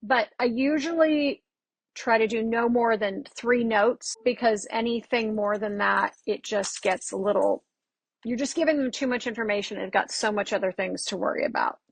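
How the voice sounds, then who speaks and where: Husky-voiced woman dialect coach. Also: fairly high pitch, moderate pace, no echo. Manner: lively storyteller, acts out quoted exchanges. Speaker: dialect coach, podcast guest. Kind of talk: casual interview chat.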